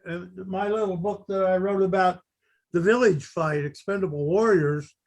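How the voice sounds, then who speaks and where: A man in his seventies, a veteran telling his account of a battle, halting often with fillers. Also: sits high, steady tone. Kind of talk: unscripted recollection.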